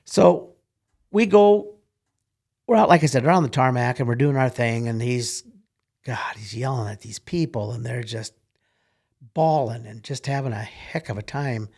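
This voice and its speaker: A man's voice: medium pitch, normal speed, pauses often, a little mellow. An older man, a retired military officer, telling folksy rambling stories in an interview. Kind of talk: casual storytelling in an interview.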